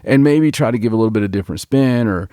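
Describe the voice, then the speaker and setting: A low-pitched man co-hosting a podcast in loose, rambling chat. He jokes around, restarts his sentences and trails off mid-thought. The sound is dry and close, with no room around it. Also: fast, warm tone, dry recording. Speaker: podcast co-host. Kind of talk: casual chat.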